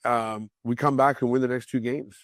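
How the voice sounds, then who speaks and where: Profane, animated man telling stories. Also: medium pitch, normal speed, no echo, studio quality. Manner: profane, animated, acts out quoted lines loudly. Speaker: interview guest, former hockey player. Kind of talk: casual podcast storytelling.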